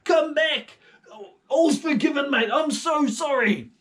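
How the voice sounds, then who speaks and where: A man voicing an apologetic old king, loud, high and matey. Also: a little slow, far from the mic. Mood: sorry.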